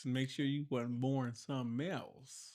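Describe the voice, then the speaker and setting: A man's voice: mid-range voice, little pitch movement, measured pace, a little mellow. A man co-hosting a casual podcast with his wife, teasing her in playful, ribbing banter. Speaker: podcast co-host, host's husband. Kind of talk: casual couple's podcast chat.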